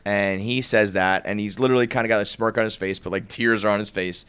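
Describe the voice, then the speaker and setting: A man's voice: on the low side, fairly even intonation, fast talker, fairly bright tone, clean tone. A young man telling a long, rambling story on a podcast, full of "like" and laughing at his own tale.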